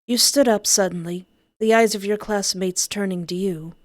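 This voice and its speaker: A woman's voice: mid-range voice, fairly even intonation, moderate pace. A woman reading a second-person story aloud and breaking off with playful comments of her own. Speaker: story reader. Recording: background music under voice.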